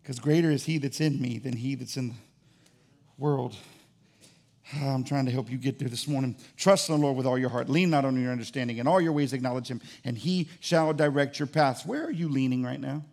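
A male pastor preaching a fervent sermon, swinging from loud calls to hushed asides. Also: mid-range voice, a little fast, gravelly.

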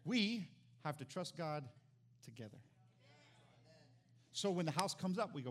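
A man in his thirties preaching a sermon as pastor, animated, his voice climbing to near-shouts. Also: on the high side, a little slow.

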